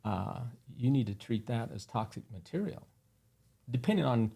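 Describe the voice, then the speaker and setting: A man's voice: medium pitch, animated, normal speed, gravelly, warm tone, breathy edge. A man guesting on an interview, telling earnest anecdotes with many fillers. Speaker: guest, company founder. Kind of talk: casual interview storytelling.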